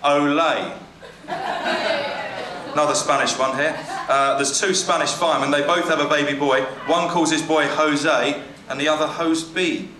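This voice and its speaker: Male stand-up, slightly high voice, deadpan and hesitant, echoey venue with noise behind. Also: normal speed, hardly any pauses. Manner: hesitant, dry, lots of ums and trailing asides. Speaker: stand-up comedian reading jokes. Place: comedy venue stage. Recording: echoey room with background noise. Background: audience laughter.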